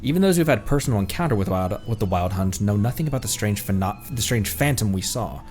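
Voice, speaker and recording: A man's voice: on the low side, animated, quick pace, darkish tone. A man streaming a game, joking and reading the dialogue aloud. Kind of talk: casual gameplay commentary. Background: faint game music.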